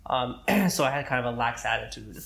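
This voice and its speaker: A young man co-hosting a casual podcast, telling a story from his hospital rotation in a loose, rambling way. He swears freely, clears his throat often and slips into voices for the people in his story. His pitch sits in an ordinary middle range. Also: lively intonation, fairly quick, fairly bright tone. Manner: rambling, profane, acts out quoted dialogue, frequent throat clearing. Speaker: podcast co-host, medical student.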